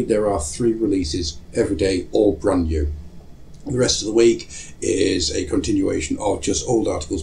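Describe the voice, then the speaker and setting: Man, podcast host, low voice, casual, self-mocking, swears a lot, faint noise behind. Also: gravelly, a little mellow, poor audio.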